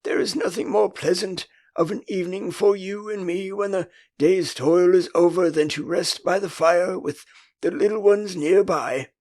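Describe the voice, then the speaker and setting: A man's voice: high voice, moderate pace, a little mellow. An older man with an English accent voicing a frank, anxious, puzzled boy in an audiobook. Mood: boyish. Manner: boyish, frank, uncertain. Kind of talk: audiobook character voice.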